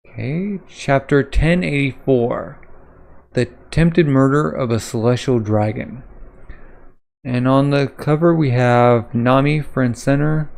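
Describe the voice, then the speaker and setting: A man hosting a comic reaction video, reading aloud and commenting casually, often pausing with ums as he searches for names. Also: medium pitch, gravelly, a little mellow. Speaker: manga reaction host.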